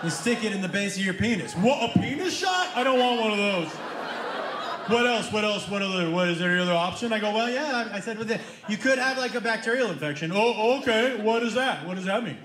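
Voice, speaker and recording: A man doing stand-up comedy, telling an animated story and playing both sides of the dialogue. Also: sits high, quick pace, background noise. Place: comedy club stage with live audience. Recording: live club room echo with crowd laughter.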